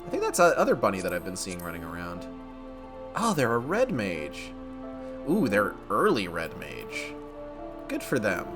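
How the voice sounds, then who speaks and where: A man commentating his game playthrough in a goofy, sarcastic way, swearing casually. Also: lowish voice. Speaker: streamer. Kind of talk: let's-play commentary.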